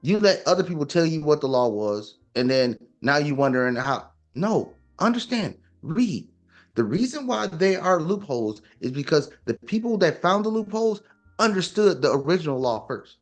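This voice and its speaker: A man's voice: a little high, big pitch swings, normal speed, faint music behind. A man talking casually and emphatically, lecturing with rhetorical questions. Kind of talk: casual opinion talk.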